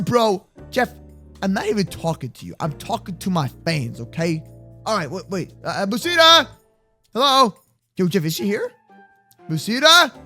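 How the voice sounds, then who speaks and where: A man talking excitedly and loudly with lots of slang while roleplaying through a video game. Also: extremely high pitch. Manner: excitable, loud, slangy, often exclaiming. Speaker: YouTube gamer roleplaying in Minecraft. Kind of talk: energetic gaming roleplay chat.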